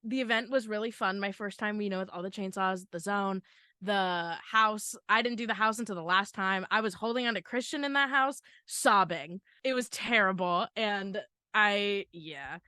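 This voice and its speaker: A woman's voice: mid-range voice, normal speed, sharp tone, clear, resonant tone, no echo, clean studio sound. A woman co-hosting a podcast, chatty and nervous in tone, with lots of "um" and "like". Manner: chatty, nervous, giggly, with many fillers. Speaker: podcast co-host. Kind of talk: casual podcast chat.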